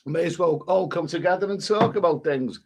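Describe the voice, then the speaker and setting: Brisk and creaky, with a high-ish voice and darkish tone, a middle-aged English host runs a casual live stream. He reads viewers' usernames and messages aloud and chats about them in a rambling way.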